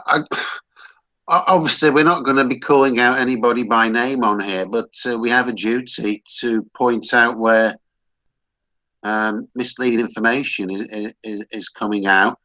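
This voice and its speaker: A man's voice: medium pitch, fairly even intonation, a little slow, long pauses, pushed and bright, muffled recording. A man hosting a casual online talk show, chatty and rambling, with frequent restarts. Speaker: host.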